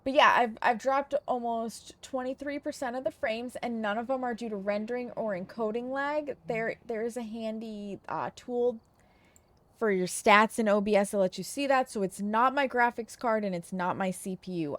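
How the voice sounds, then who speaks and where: A woman's voice: on the high side, moderate pace, a bit bright, dry recording. A woman streamer talking casually to her viewers, frustrated and venting, with some swearing.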